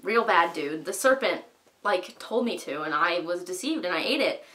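A young woman putting on a defensive young woman who is quick to pass the blame. She talks in clipped, slangy phrases, with a somewhat low, bright voice. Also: lively intonation, poor audio.

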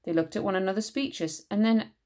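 A woman teacher reading a children's book aloud with expressive storytelling narration. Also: medium pitch, quick pace.

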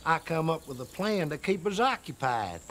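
An actor playing a scheming swamp hillbilly in a comedy sketch, speaking in a slow, sly, put-on American Southern drawl. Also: male voice, a little high, sing-song, fairly bright tone, slight background noise.

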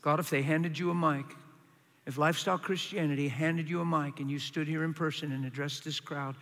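A man preaching a sermon to a crowd in a large hall, passionate, acting out complaining voices in a higher tone. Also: steady tone, a little fast, fairly bright tone.

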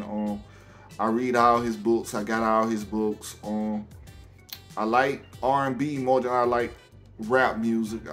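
A young man from Alabama with a Southern accent, talking casually to camera on his own channel, halting with many ums and restarts, faint music behind. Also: mid-range voice. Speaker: YouTuber.

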